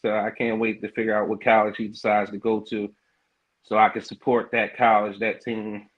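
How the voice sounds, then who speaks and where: A middle-aged man hosting a podcast livestream in casual chat, loose and hyped, with lots of slang, fillers and quick laughs. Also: lowish voice, little pitch movement, highs cut off. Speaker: podcast host.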